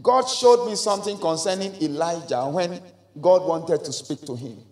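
Male pastor, high voice, emphatic call-and-response sermon, echoey church hall. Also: normal speed, a little mellow. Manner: emphatic call-and-response preaching with repeated phrases.

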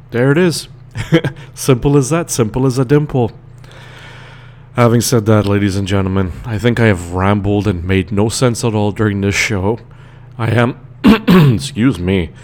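A man's voice: low-pitched, slight background noise. A man with a Trinidadian accent hosting his own radio show in a loose, chatty monologue, tired and rambling, laughing now and then.

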